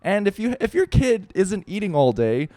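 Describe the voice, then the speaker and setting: A man co-hosts a podcast in casual chat, speaking with a lively, varied pitch. He backs up his co-host and then gives his own take. The sound is close and dry. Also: moderate pace, no room sound. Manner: supportive listener, frequent short agreements.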